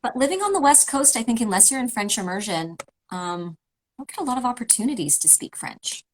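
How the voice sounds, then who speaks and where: A woman's voice: a little high, animated, brisk, rough recording. A woman from Canada chatting casually on a livestream, joining over a video call and rambling a little with fillers. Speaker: voice actor signing autographs on a livestream. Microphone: remote video call.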